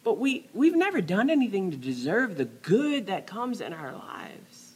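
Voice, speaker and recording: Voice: mid-range voice, wildly swooping pitch, measured pace, darkish tone, slightly rough. A pastor preaching a conversational sermon, often dropping to a near-whisper on key words.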